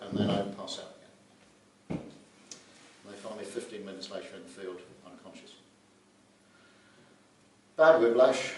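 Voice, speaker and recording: A man's voice: medium pitch, a little hiss or hum. A middle-aged man, a glider pilot, giving a vivid, anecdotal safety briefing and acting out scenes. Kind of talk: spoken safety talk to fellow pilots. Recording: echoey room from far off.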